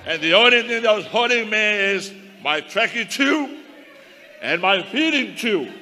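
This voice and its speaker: Fervent, bright-voiced male preacher. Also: high-pitched, lively intonation, a little slow, a little hiss or hum. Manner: fervent preaching, addresses the congregation as saints. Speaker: minister. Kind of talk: testimony sermon. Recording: long hall reverb with faint crowd.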